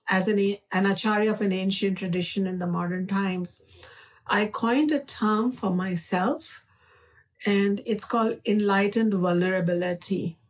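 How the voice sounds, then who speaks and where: A woman with an Indian accent, an author being interviewed, speaking in a slow, reflective and earnest way. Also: mid-range voice, recorded from a distance. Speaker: author guest. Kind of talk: conversational interview.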